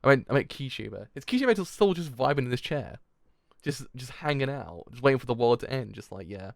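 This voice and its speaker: A young man streaming a live manga reaction, reading the panels aloud and swearing as he shouts in disbelief. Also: mid-range voice, very animated, fairly quick, creaky, dry recording, clean studio sound. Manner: reads manga dialogue aloud.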